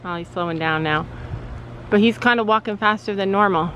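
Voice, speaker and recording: A woman's voice: medium pitch, a little fast, fairly bright tone, a little hiss or hum, low-quality recording. A middle-aged woman chatting casually to her viewers at a horse barn, cooing soothingly to the horses between remarks. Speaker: vlogger, mother at a horse barn. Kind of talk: casual family vlog chat.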